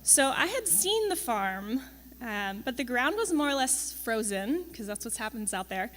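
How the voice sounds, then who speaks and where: Higher-voiced woman presenting in a reverberant hall. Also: big pitch swings, unhurried, fairly bright tone. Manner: chatty and wry, with frequent ums and tag questions. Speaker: campus farm manager giving a presentation. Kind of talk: conversational presentation to an audience. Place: large event hall. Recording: long reverb of a large event hall.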